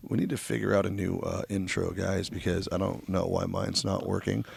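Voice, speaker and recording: A man's voice: sits low, level tone, a little fast, a little mellow. A man co-hosting a casual podcast, joking and teasing, his voice strained and crackly. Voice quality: gravelly. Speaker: podcast co-host. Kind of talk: casual chat.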